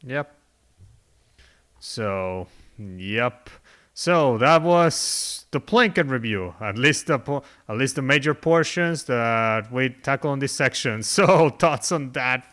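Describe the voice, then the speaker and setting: A man hosting a casual podcast chat. His voice is bright and clean, and he talks loosely, chuckling and restarting as he goes. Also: mid-range voice, expressive, slow. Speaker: podcast host.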